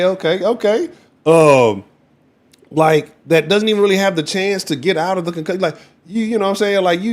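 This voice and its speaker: A man hosting a casual live sports stream, rambling in an animated, slangy and profane way. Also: a little high. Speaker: sports show host.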